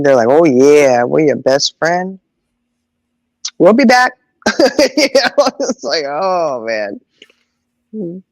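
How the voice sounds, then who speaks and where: Animated woman telling stories. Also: low-pitched, vocal fry, dry recording, low-quality recording. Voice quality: animated, acts out voices in quotes. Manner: laughs often, drawn-out exclamations. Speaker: podcast host. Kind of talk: casual chat, storytelling.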